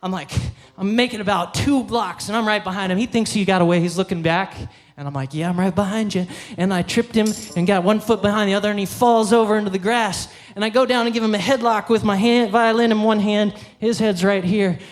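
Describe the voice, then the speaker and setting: A man, the band's violinist, telling an animated story on a theater stage into a stage microphone, acting out scenes with sudden jumps in pitch. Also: fairly quick, few pauses. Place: theater stage at a live concert.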